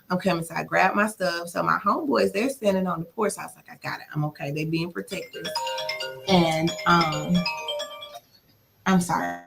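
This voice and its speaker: A woman's voice: on the low side, vocal fry, fairly bright tone. A woman guest on a podcast, retelling a painful experience from her past. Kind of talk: personal storytelling.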